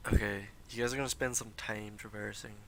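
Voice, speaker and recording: A man's voice: on the low side, fairly even intonation, a little fast, gravelly, a bit bright, a little hiss or hum. A man narrating as dungeon master in casual, swearing talk full of fillers. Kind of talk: narrating a tabletop game. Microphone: streaming desk mic.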